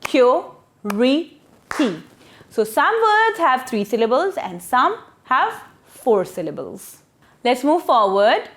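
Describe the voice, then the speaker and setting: Lively woman teaching a lesson. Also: high-pitched. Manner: explanatory, slowly sounds out words syllable by syllable. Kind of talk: recorded textbook lesson.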